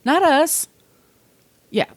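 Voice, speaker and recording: A woman's voice: high-pitched, animated, drawn-out words, no echo. A woman co-hosting a casual podcast, talking bluntly and sarcastically with plenty of swearing. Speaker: podcast co-host.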